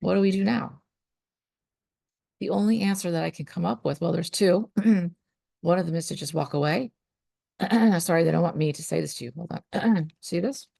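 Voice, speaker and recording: A woman's voice: fairly low pitch, moderate pace, gravelly, warm tone, breathy edge, no echo, clean studio sound. A woman, a spiritual life coach, talking earnestly to her viewers about trust and surrender. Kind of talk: motivational talk to camera.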